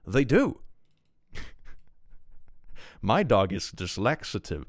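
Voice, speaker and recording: A Swedish-accented man chats on a livestream and reads out viewer messages in a jokey, animated way, swearing freely. His voice is fairly low, and the sound is dry and close with no room echo. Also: slow. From Sweden. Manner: animated and jokey, swears freely, swings between mock-gloomy and excited. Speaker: streamer. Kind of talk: casual livestream chat, reading viewer messages.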